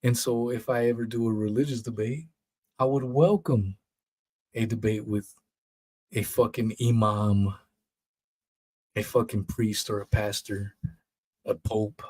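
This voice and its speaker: A man hosts his own podcast alone in a casual monologue that is blunt, profane and rambling, mocking others in put-on voices. His lowish, husky, darkish voice has fairly even intonation, runs a little slow and pauses often.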